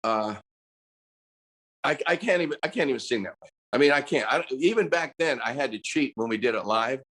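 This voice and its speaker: An American man in his seventies, a musician talking casually in an interview, animated and breaking into bursts of singing and screaming. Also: mid-range voice, a little fast. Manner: animated storyteller, bursts into sung screams and imitated voices. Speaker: musician guest.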